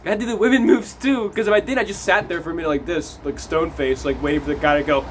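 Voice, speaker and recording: A young man recapping a movie in a casual vlog, animated and profane, acting out scenes as he talks outdoors in cold wet weather. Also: a little high, fast, a little hiss or hum. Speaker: movie reviewer.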